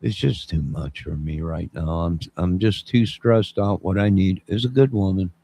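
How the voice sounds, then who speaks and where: A man's voice: deep voice, moderate pace, creaky, dark tone. A man in his fifties hosting his own channel, chatting in a rambling, jokey way and answering viewers as he goes. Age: 50s. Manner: rambling, jokey, responds to chat. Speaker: channel host. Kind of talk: rambling live-stream chat.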